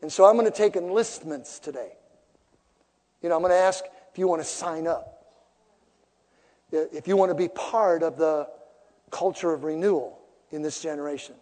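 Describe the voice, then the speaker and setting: Male preacher, high voice, emphatic sermon delivery with loud peaks, recorded in a reverberant church. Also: moderate pace, pauses often. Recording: long reverb of a large hall.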